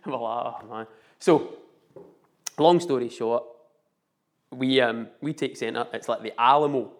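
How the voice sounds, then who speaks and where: A middle-aged man with a Scottish accent telling a story in casual chat, animated and laughing often. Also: medium pitch, unhurried.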